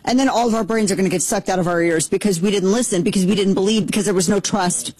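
Excitable sarcastic woman hosting a talk show. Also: mid-range voice, fast, slightly rough, poor audio. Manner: excitable, sarcastic, jumps into mock voices. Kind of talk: casual commentary chat.

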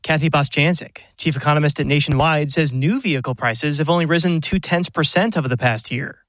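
A man's voice: a little high, brisk, no echo. Male radio reporter reading an economics piece. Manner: even, explanatory reading. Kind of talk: scripted news report.

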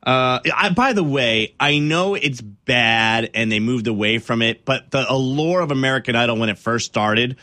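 Male morning radio host, bright tone, dry studio sound, loose and chatty. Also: medium pitch, normal speed, hardly any pauses, no echo. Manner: chatty, laughs easily, rambling asides. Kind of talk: casual radio banter.

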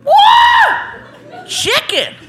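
A man's voice: extremely high pitch, expressive, pitched above the performer's own voice. A man doing a whooping, overexcited guy. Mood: thrilled. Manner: shouting, whooping, fast exclamations. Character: excitable young man thrilled then outraged. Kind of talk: stand-up act-out. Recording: live club with crowd noise.

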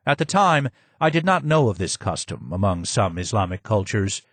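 A man reading a first-person memoir as an audiobook, in steady, measured storytelling. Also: on the low side, husky, dry recording. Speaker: audiobook narrator. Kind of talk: scripted first-person narration.

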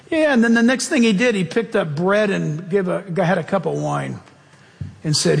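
A man preaching a sermon as a pastor, telling stories in an animated way. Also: sits high, normal speed, creaky. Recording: long hall reverb.

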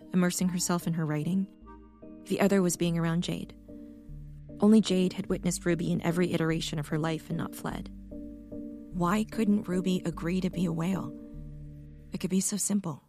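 Calm, gravelly woman narrator. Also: fairly low pitch, brisk, faint music behind. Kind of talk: audiobook story reading.

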